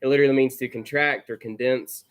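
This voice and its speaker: A man in a mid-range voice leads a small church gathering, introducing a sermon reading. He talks in a relaxed, conversational way, unhurried and informal. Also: medium pitch, clean tone. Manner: relaxed, conversational, leading sharing time. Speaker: pastor.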